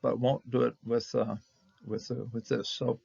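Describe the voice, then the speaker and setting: A man teaching Bible Hebrew verse by verse, halting with fillers and checking in with "okay?", on a dull lo-fi recording. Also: mid-range voice, little pitch movement, gravelly, darkish tone, breathy edge, dry recording. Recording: dull lo-fi sound.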